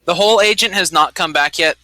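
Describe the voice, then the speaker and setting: A man's voice: high-pitched, fairly quick, sharp tone, dry recording, rough recording. A man narrating as game master of a tabletop game, loosely describing scenes with many fillers.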